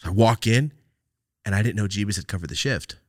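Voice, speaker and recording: A man's voice: fairly low pitch, fairly quick, no room sound, studio quality. Foul-mouthed man telling a wild story. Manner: animated, profane storytelling with loud outbursts. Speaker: podcast host. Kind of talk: casual storytelling chat.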